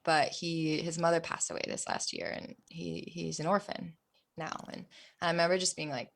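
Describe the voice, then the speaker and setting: This young adult woman talks in a slightly low voice as a podcast guest. She tells her story earnestly and with feeling, often drifting into soft, near-whispered phrases. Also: flat delivery, moderate pace, gravelly. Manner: earnest, emotional, softens to near-whispers at hard moments. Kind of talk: personal storytelling.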